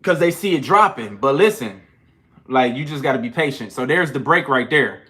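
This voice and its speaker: A man's voice: mid-range voice, moderate pace. A young man in a casual trading livestream, talking loose and slangy, out of breath after push-ups. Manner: loose, slangy and animated, counting push-ups between chart talk. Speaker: trading channel host.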